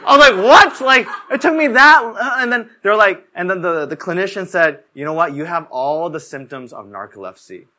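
Brisk and barely pausing, a young man preaches in a high-pitched, expressive voice with a sharp tone. The sermon is casual storytelling, heavily filled with "like."

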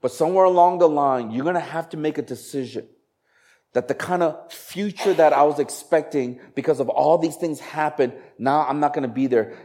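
A man's voice: fairly high pitch, moderate pace, a little mellow. A man preaching a sermon in a conversational style, asking the congregation rhetorical questions. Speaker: pastor.

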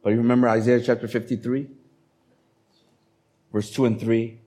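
A man preaching a sermon as a pastor, speaking in a conversational, animated way and acting out quotes. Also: medium pitch, normal speed.

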